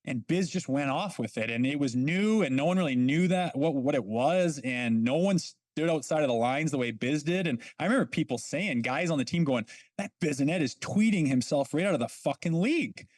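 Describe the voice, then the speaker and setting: A man's voice: fairly high pitch, animated, brisk, few pauses, a little mellow, no echo. A middle-aged man, a former hockey player, telling blunt stories in a casual podcast chat. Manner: blunt, swears freely, quotes people in his stories.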